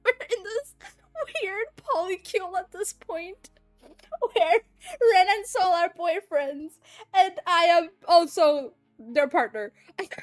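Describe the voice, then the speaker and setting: High-voiced young woman, laughing storyteller. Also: no room sound. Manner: animated, laughing often, swearing freely. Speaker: streamer and voice actor. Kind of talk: casual chat recounting a story.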